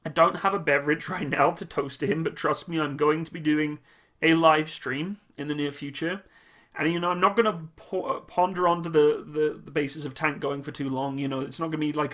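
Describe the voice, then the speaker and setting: Emotional, halting man with a bright tone. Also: on the high side. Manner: halting and emotional, many pauses and restarts. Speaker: channel host. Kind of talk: personal vlog tribute.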